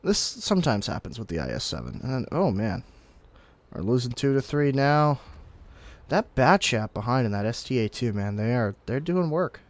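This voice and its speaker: A young man giving casual, explanatory commentary over his own gameplay, breaking into sudden excited outbursts now and then. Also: medium pitch, moderate pace. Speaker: gaming commentator.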